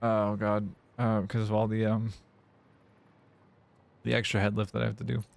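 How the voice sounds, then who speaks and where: A man's voice: lowish voice, monotone, moderate pace, gravelly. Rambling, foul-mouthed male game streamer. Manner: rambling, self-mocking, swears often. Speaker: live streamer playing a factory game. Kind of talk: casual rambling stream chat.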